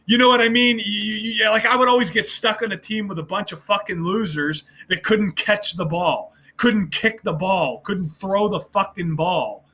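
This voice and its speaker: Brief: male commentator, higher-pitched and forceful, sarcastic and foul-mouthed. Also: normal speed, few pauses, slightly rough. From United States. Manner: profane, mocking, sarcastic, laughs at his own points. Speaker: online commentator. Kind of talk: ranting monologue to viewers.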